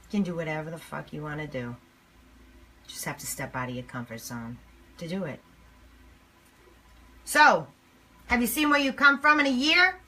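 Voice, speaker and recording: A woman speaking emphatically to camera as a motivational speaker, swinging between loud and hushed lines. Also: deep voice, lively intonation, normal speed, long pauses.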